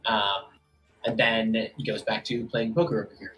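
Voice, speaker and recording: A man running a tabletop game as game master, talking in a relaxed way with many fillers. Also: fairly low pitch, normal speed, soft background music, poor audio.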